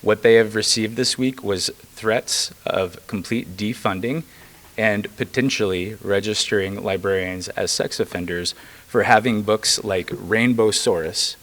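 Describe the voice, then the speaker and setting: Casting: young man, lowish voice, earnest legislator at a press conference, emphatic. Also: unhurried, fairly bright tone. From rural Missouri. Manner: earnest and emphatic, with occasional fillers. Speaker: state legislator.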